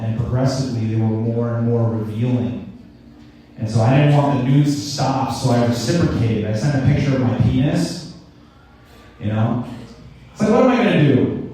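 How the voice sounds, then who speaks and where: A man's voice: mid-range voice, warm tone, a little hiss or hum. A young man doing a rambling, self-deprecating stand-up comedy set with stammered restarts. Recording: echoey room, mic heard from a distance.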